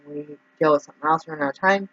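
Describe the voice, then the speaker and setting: A man's voice: fairly high pitch, very fast, fairly bright tone, no room sound. A man who works as a naturopath talks through his troubles in a rambling, emotional vlog monologue. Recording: dull, dry lo-fi recording.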